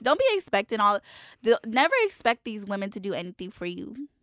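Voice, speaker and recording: A woman's voice: medium pitch, a little fast, no room sound, studio quality. Blunt, profane woman chatting. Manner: blunt, profane, animated storytelling. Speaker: podcast co-host. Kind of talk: casual chat.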